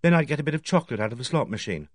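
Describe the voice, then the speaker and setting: A man's voice: mid-range voice, expressive, rapid-fire, no room sound, natural voice. A man reading aloud and voicing an awkward, artless young woman who speaks in a guileless, offhand way.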